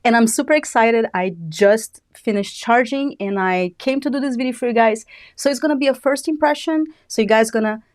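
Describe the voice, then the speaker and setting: A woman's voice: a little high, brisk, hardly any pauses, darkish tone. A woman with a Brazilian accent hosting a live beauty product review, chatty and enthusiastic. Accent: Brazilian Portuguese. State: a little out of breath. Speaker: beauty channel host.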